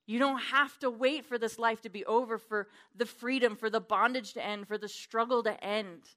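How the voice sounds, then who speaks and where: Woman preacher, emphatic sermon delivery, bright and forceful tone. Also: on the high side, steady tone, normal speed. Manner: fervent, emphatic, swinging from loud to hushed. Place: church.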